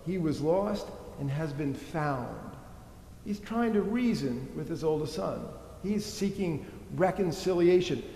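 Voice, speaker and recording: A man preaching a sermon in a church, emphatic and animated, asking the congregation rhetorical questions. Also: fairly high pitch. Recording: echoey church hall.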